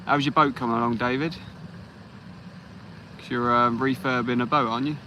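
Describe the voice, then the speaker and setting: An easygoing English man runs a live fishing stream from the shore, greeting each viewer by name. His voice is bright and forceful, and he speaks into a phone outdoors at night. A faint background hum sits under him. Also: mid-range voice, fairly even intonation, moderate pace, low-quality recording. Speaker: fishing livestream host. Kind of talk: casual live chat while fishing.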